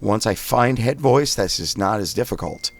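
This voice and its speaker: A man hosting a guided voice exercise lesson, calmly counting through repetitions between loud, sharp drill sounds. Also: on the low side, normal speed. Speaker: host leading daily voice exercises.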